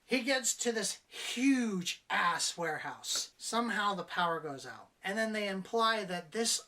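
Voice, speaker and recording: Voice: medium pitch, lively intonation, unhurried, sharp tone, far from the mic. A movie reviewer talking casually, blunt and exasperated, with frequent swearing. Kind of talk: casual spoken film review.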